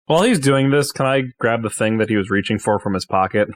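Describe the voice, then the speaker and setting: A man playing a tabletop game, speaking low, quick and a bit subdued. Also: dry recording. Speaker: player. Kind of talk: casual tabletop play.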